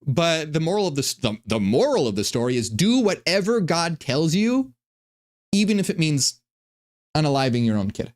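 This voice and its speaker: Animated, swearing male commentary host. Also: on the high side, normal speed. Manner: animated, profane, restarts sentences. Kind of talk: casual reaction commentary.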